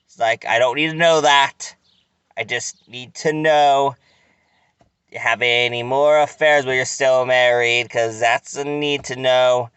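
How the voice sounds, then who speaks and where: Slow, crisp-voiced man telling a crude story. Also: mid-range voice, fairly even intonation, fairly bright tone, no echo. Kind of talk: comic monologue.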